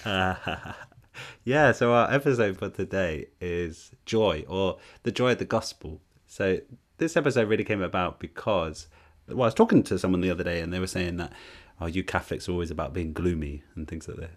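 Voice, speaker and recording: A man co-hosting a podcast in casual chat, curious and relaxed, asking questions. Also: low-pitched, moderate pace. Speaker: podcast co-host.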